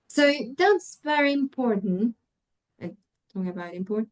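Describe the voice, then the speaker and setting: An English teacher trainer, a woman whose first language is Spanish, gives a webinar lecture to teachers in a fairly high, slightly mellow voice with lively intonation and moderate pace. She patiently explains, models example words aloud, and often checks in with tag questions. The recording is rough.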